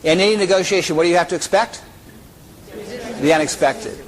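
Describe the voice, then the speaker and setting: A man's voice: sits high, fairly quick, slight background noise, poor audio. A man giving a conference keynote, joking and bringing audience members up to act out a story. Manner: lively, joking, pulls audience members on stage. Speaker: keynote speaker.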